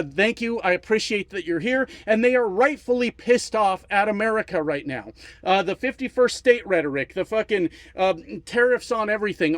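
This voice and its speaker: A man with a fairly high voice rants heatedly into a close mic, swearing freely and hammering his points over and over. The sound is dry, with no room around it. He talks like a creator speaking straight to his viewers. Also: dry recording. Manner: profane, heated, repeats for emphasis. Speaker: trucking YouTuber. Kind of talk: casual political rant.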